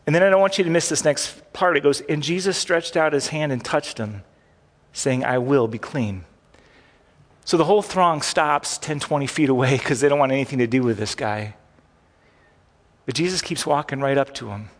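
A man's voice: on the high side, a little fast, big-room sound. A man pastor preaching a conversational sermon, with restarts, acting out cries and prayers as he tells a story.

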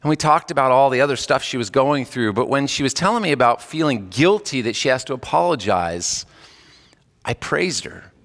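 Bright-voiced male pastor preaching in a church. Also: medium pitch, lively intonation, normal speed, big-room sound. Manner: conversational, with repeated restarts and frequent chuckles. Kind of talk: sermon. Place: church sanctuary.

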